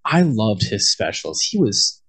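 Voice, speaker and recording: A married man, a guest on a podcast, chatting in a relaxed way and laughing easily. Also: on the low side, measured pace, husky. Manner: laid-back, easily amused. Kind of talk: casual chat.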